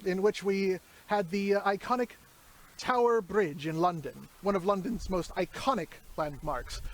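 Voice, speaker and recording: A chatty male horror host with a notably high voice, rambling through film trivia in a casual, joking way. A faint room ambience hums behind him. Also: a little hiss or hum. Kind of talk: casual movie commentary.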